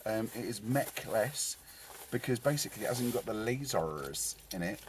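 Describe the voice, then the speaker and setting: A car DIY vlogger fits a car stereo himself, rambling, joking and talking to himself as he works in a casual workshop chat. His mid-range voice is animated and moves at a normal speed, with slight background noise.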